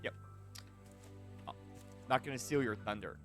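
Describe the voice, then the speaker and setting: A man streaming a survival game, giving animated, swear-laden commentary and chatting with his viewers. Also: lowish voice, brisk, pauses often, faint music behind. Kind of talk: live gameplay commentary.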